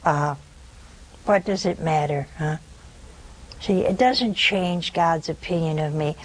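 An older woman preaches slowly to her callers, earnest and unhurried. She leans on repeated phrases to drive a point home, keeping a steady, measured delivery. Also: low voice, rough recording. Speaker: host of a religious call-in show.

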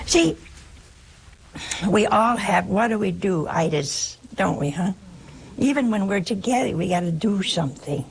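An older American woman gives a homely spiritual talk in a gravelly, creaky voice. She tells stories in a chatty way and acts out bits of dialogue with a laugh. A faint hiss sits behind her. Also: medium pitch, expressive, unhurried, low-quality recording. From United States.

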